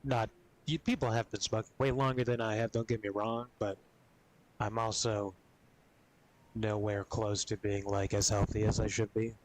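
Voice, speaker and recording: A man streaming games, chatting casually and rambling with a lot of swearing, coughing and clearing his throat often. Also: on the low side, little pitch movement, moderate pace, slight background noise, poor audio. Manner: profane, rambling, laid-back. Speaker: gaming streamer.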